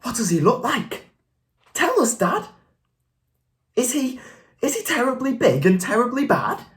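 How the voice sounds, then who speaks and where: A woman doing a little girl monster from a storybook, her voice jumping high and swinging all over as she asks excited, wide-eyed questions. She sounds small and brave but a bit nervous. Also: a little slow. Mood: eager. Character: small brave young female Gruffalo monster. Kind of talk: storybook reading aloud.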